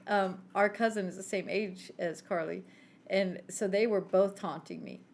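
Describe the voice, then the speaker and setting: A middle-aged woman co-hosting a podcast, telling lively family stories in casual chat and laughing often. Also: medium pitch, moderate pace, vocal fry, slight background noise. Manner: animated storyteller, laughs often. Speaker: podcast co-host.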